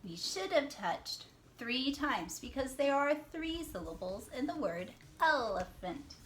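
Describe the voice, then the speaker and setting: A woman teacher giving a reading lesson to young children. She talks slowly, draws out words to count syllables, praises answers, and sometimes whispers. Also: sits high, very animated. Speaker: classroom teacher.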